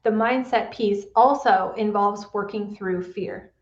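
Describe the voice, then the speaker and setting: A woman's voice: mid-range voice, fairly even intonation, a little slow, reverberant, lo-fi sound. A woman pain specialist hosting a solo podcast, talking in an earnest coaching manner and often checking in with "right?".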